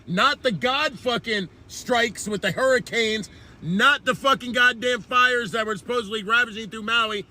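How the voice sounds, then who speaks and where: High-pitched man in a profane rant. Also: unhurried, bright, forceful tone. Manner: profane, heated, ranting. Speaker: online commentary host. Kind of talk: angry political rant.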